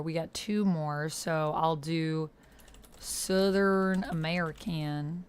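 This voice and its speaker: A woman's voice: low-pitched, fairly even intonation, slow, clear, resonant tone. A young woman streamer chatting casually with her viewers and reading their messages aloud. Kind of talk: casual livestream chat.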